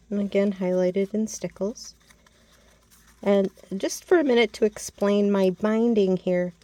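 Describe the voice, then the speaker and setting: A woman with a mellow, mid-range voice chats through a show-and-tell of a handmade mini album she crafted, often losing a word and correcting herself. There's no echo on the recording.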